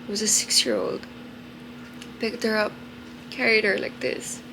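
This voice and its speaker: A tearful young woman in a confessional vlog, speaking haltingly with emotion and trailing off into soft murmurs. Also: medium pitch, big pitch swings, vocal fry, noisy background. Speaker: vlogger.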